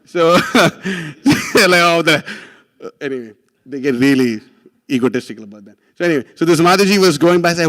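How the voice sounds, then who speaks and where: A man giving a religious class, telling a story in an animated, casual way with many restarts and laughs. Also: fairly high pitch, normal speed, long reverb tail.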